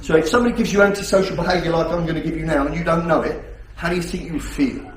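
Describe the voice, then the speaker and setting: Blunt, swearing instructor in an echoey hall. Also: male voice, fairly high pitch, fairly even intonation, very fast, a crowd in the background. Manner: blunt, heavily profane, rhetorical questions. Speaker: self-defence instructor. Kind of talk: teaching a class. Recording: echoey hall, distant mic.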